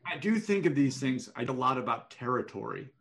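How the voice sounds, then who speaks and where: A man giving one-on-one manuscript feedback over an online call, explaining deliberately and thinking aloud. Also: medium pitch, expressive, fairly bright tone, a little hiss or hum. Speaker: writing coach.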